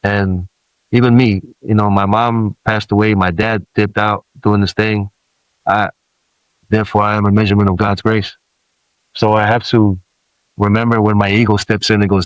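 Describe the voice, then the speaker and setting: Earnest low-voiced man, from Samoa. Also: level tone, normal speed, no echo, muffled recording. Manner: reflective, earnest, with frequent restarts. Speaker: podcast guest. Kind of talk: candid podcast conversation.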